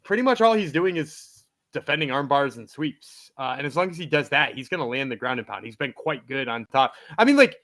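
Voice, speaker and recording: A man co-hosting a sports betting podcast, making his case in quick, animated casual talk. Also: mid-range voice. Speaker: podcast co-host.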